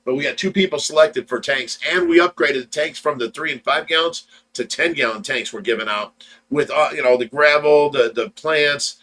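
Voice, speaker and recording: A man's voice: a little high, moderate pace, sharp tone, poor audio. A middle-aged man co-hosting a casual livestream, easygoing and teasing as he reads out viewer comments. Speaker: livestream co-host.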